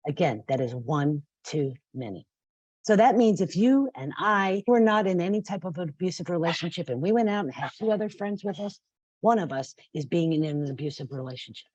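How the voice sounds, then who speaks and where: Woman, 50s, podcast guest, husky lower voice, emphatic and passionate. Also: dark tone, no echo, dull audio. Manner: passionate, emphatic, laughs and turns tearful. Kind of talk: podcast interview.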